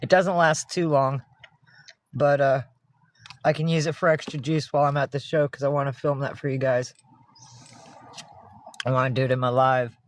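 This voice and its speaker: A woman's voice: extremely low pitch, steady tone, normal speed, pauses often, a little hiss or hum. A woman in a recorded video talking to her cats in coaxing, sing-song baby talk. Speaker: cat owner filming herself.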